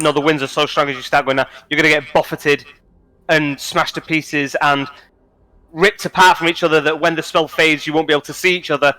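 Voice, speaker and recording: A man's voice: on the high side, pushed and bright. A man playing a tabletop game, joking and rambling as he describes his character's actions. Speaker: player. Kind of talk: casual tabletop game chat.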